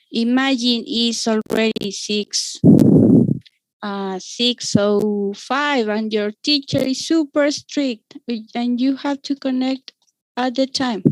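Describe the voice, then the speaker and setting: Woman, Mexican-accented English teacher, high voice, slow and patient, dry close sound. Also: steady tone, dry recording, low-quality recording. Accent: Mexican Spanish. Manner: patient, repeats "okay?" to check understanding. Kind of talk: online class teaching.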